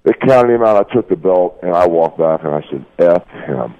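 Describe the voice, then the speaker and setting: A man's voice: deep voice, lively intonation, brisk. A middle-aged man telling a heated, profane story over the phone and calling people "brother". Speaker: guest. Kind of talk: casual phone interview. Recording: lo-fi phone line.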